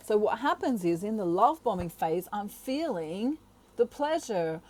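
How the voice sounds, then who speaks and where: A woman's voice: medium pitch, big pitch swings, measured pace, a little mellow, a little hiss or hum. A woman hosting her own channel, talking casually to the camera, often laughing and acting out quoted voices. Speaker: tarot reader and channel host. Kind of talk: casual explanatory talk to camera.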